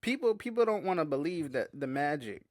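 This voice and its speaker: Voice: medium pitch, very animated, fairly quick, dry recording. Effusive host, dry close sound. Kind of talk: casual chat.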